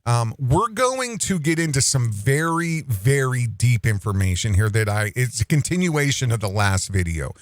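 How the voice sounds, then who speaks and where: A man hosts an online commentary show in a loose, mocking manner, circling back to repeat his points. His pitch swings about a lot as he talks. The recording is dry and close. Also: very animated, normal speed, few pauses, no room sound. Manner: mocking, rambling, repeats phrases.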